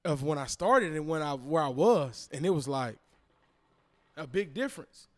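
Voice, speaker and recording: A man in his thirties, a podcast guest, telling a personal story in a casual, animated way and acting out the voices he quotes. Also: on the high side, normal speed. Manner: animated, acts out quoted voices, repeats phrases.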